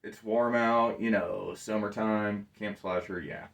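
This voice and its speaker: Low-voiced man talking a bit off mic. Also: vocal fry, recorded from a distance. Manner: relaxed, halting, searches for words. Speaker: podcast co-host. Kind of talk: casual movie review chat.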